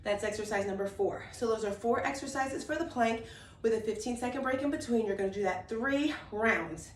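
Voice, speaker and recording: A woman's voice: fairly high pitch, brisk. Upbeat woman coaching a home workout. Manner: upbeat, encouraging, talks while demonstrating. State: slightly out of breath. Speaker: fitness instructor. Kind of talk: workout instruction. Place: room at home on an exercise mat. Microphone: camera mic at a distance. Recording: echoey room, distant camera mic.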